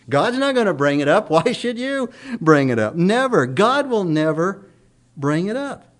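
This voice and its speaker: A man's voice: high voice, sing-song, normal speed. A middle-aged man preaching a sermon in an earnest, emphatic way, his voice rising and falling strongly.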